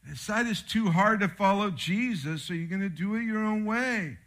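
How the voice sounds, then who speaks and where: A middle-aged male pastor preaching a sermon, moving between loud exhortation and quiet, joking asides. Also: high voice, normal speed.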